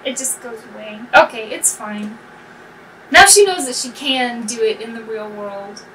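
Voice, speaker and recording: Excitable bright-voiced woman player. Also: a little high, measured pace, far from the mic, a little hiss or hum, low-quality recording. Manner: chatty and excitable, trailing off with fillers. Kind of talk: casual tabletop play.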